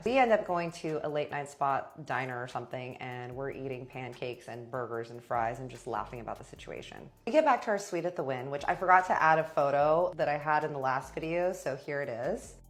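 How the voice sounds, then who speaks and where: A young woman vlogger telling a dramatic storytime in a sassy, animated way, acting out every character herself. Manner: sassy, dramatic, voices every character with big pitch jumps.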